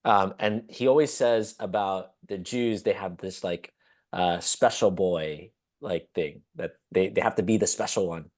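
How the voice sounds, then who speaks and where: A man co-hosting a podcast, telling stories casually, laughing often and acting out quotes. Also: unhurried. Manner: animated storyteller, acts out quotes in high squeaky voices, laughs often. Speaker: podcast co-host.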